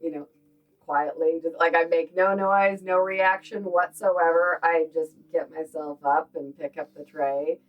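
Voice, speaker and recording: A woman at a tabletop game casually explains what her character does. Her voice is somewhat low, and she sits a bit back from the microphone. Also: steady tone, a little slow, distant mic, highs cut off. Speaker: player.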